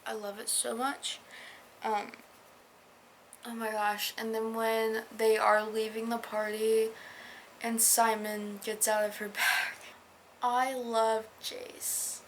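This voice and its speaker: Slow-talking, gushing woman book vlogger. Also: on the high side, flat delivery, slight background noise, low-quality recording. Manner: gushing and enthusiastic, with soft whispered asides. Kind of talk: casual reading-reaction chat.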